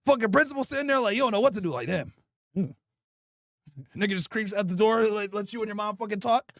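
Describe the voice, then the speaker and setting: A man's voice: sits high, fast talker, a bit bright, no room sound, studio quality. A male host doing an improvised comedy roast, crude and mocking, hurling insults.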